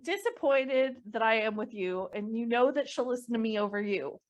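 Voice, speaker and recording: A stern, bookish young woman in a tabletop game scolds a pushy crowd with threats of fines and calls to their mothers, as a woman puts her on. The voice sits a touch high and stays plain and everyday, with no big character voice. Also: animated, moderate pace, lightly acted. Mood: scolding.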